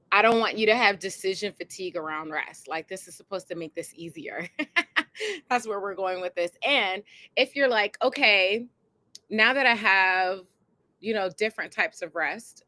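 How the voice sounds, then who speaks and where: A woman coaching a live online group, speaking in a gentle, encouraging way as she leads a relaxing body scan meditation. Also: mid-range voice, low-quality recording. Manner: gentle, encouraging, slow guiding cadence with soft laughs. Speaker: coach hosting a co-planning session. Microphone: live online session.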